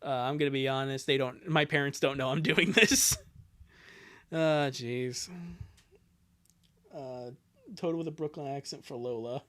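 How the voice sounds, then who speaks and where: A woman's voice: rumbling low, steady tone, unhurried, long pauses. A young woman streamer chatting casually and giggling between lines of a live fan dub reading. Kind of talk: casual livestream chat.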